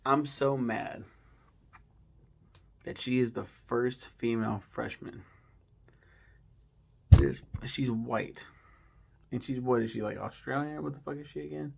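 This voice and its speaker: A man's voice: medium pitch, normal speed, vocal fry. A young man giving blunt, profane, mocking commentary on rappers in a casual chat. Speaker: channel host.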